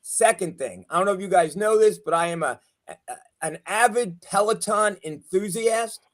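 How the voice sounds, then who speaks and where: A high-voiced man hosts a casual sports chat over a video call. He teases his co-hosts and jokes about himself in a chatty, loose way. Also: normal speed. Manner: teasing, chatty, self-deprecating. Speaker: show host.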